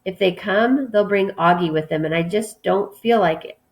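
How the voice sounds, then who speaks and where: A woman reading a children's book aloud, voicing an upset, tearful teenage girl who talks quickly. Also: natural voice. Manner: quick, sobbing, higher voice.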